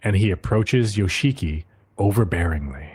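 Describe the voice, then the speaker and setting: Man recapping with lively pitch. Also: slightly rough. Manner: retells scenes with quick quoted asides. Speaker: podcast co-host. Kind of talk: casual episode recap.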